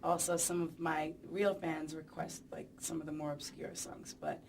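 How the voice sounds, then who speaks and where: A woman's voice: deep voice, flat delivery, moderate pace, a little mellow, distant mic, slight background noise. A woman singer giving a casual press interview, chatty and playful, rambling with plenty of fillers. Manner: chatty, playful and rambling, many "you know"s. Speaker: pop singer being interviewed. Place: press event.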